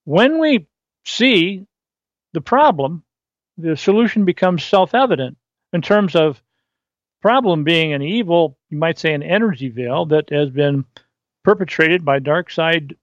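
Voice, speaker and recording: A man hosting a solo podcast, reading from his articles and riffing off script in a rambling, halting way with many fillers and restarts. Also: on the high side, lively intonation, dry recording, dull audio. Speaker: podcast host.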